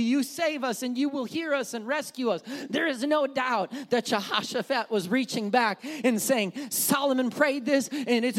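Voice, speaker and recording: A man preaching a sermon as pastor, emphatic, repeating phrases and stumbling over words as he drives points home. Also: extremely high pitch.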